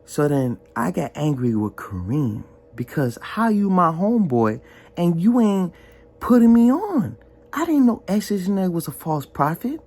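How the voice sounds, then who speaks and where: A young man giving a casual, emphatic spoken testimony, slangy and full of repetition. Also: a little slow. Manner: animated and emphatic, repeats himself, slangy; drops low and quiet when reflecting. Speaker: vlogger giving a church testimony.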